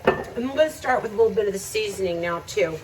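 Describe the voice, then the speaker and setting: A woman's voice: mid-range voice, lively intonation, fast talker, darkish tone, distant mic, low-quality recording. A chatty woman talks her viewers through a recipe in a home kitchen, laughing as she goes. Her voice sits in a middle register and comes from a little way off the mic. Faint kitchen noise runs underneath. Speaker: home cooking vlogger. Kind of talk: casual cooking demonstration.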